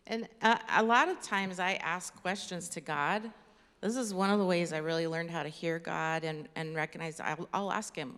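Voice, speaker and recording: A woman in ministry, telling stories in a chatty, animated way during a casual teaching conversation. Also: lowish voice, moderate pace, long reverb tail. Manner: chatty, animated storytelling with laughs. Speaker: ministry leader.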